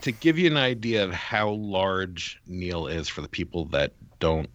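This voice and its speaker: A man's voice: deep voice, measured pace, a bit bright, lo-fi sound. A man co-hosting a podcast, chatting casually and rambling through his stories with restarts. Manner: rambling, many restarts and fillers. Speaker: podcast co-host. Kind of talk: casual chat.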